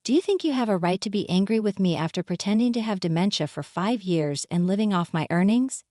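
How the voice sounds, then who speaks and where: A woman's voice: mid-range voice, lively intonation, fairly quick, mellow, no echo, studio quality, close to an everyday voice. A woman reading as an indignant cheating husband. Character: scheming, angry middle-aged husband.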